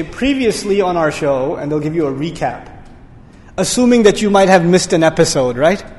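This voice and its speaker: A man giving a Quran tafsir lesson, explaining quickly and with animation and breaking into Arabic recitation. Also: sits high, a little mellow, roomy sound, in a large hall. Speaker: Quran teacher. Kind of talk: tafsir lecture.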